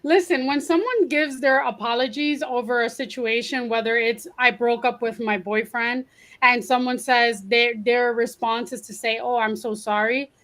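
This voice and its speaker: A woman's voice: on the high side, steady tone, normal speed, a bit bright. Frank woman co-hosting a chatty podcast. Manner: frank, chatty, drops in Spanish words. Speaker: podcast co-host. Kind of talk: casual chat.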